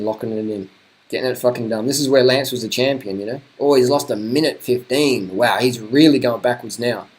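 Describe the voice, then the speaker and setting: A man's voice: mid-range voice, darkish tone. A middle-aged man, commentating old race footage in a blunt, sweary, chatty way, often laughing.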